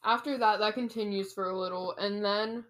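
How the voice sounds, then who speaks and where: Young woman, mid-pitch, casual chat, chatty animated plot recap, filler-heavy. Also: moderate pace. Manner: animated storytelling, lots of "like". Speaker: book discussion co-host. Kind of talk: casual chat retelling a novel.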